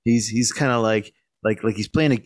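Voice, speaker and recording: A young man on a podcast telling a story in casual chat, laid-back and swearing a lot, acting out the shouted lines he quotes. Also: fairly low pitch, normal speed, no echo, clean studio sound. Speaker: podcast co-host.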